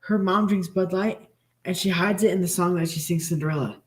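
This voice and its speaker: A man's voice: high-pitched, brisk. A man chatting on a live recovery stream, joking and laughing at his own jokes. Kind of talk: casual livestream chat.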